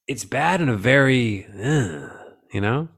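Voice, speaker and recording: A man's voice: medium pitch, expressive, takes it slowly, gravelly, fairly bright tone, breathy edge. A man co-hosting a casual, profane movie-review chat, rambling and joking crudely. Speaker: podcast co-host.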